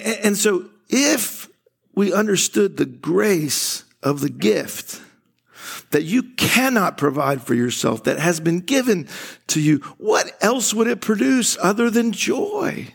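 Unhurried gravelly pastor preaching. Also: male voice, high voice, sing-song. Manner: conversational, laughing often, acting out quoted voices; frequent restarts and stammered starts. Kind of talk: sermon. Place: church service.

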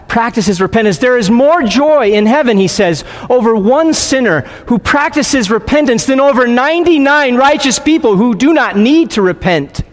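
A man preaching a sermon, leading a silent prayer and reading scripture in an earnest, pausing way with frequent restarts. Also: high-pitched. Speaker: pastor. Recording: long hall reverb.

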